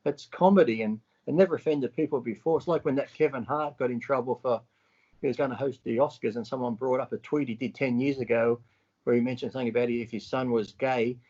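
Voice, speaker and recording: A man co-hosting a podcast, talking bluntly with lots of swearing and animated retellings. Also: mid-range voice, fast talker, dull audio. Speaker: podcast co-host. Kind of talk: casual chat.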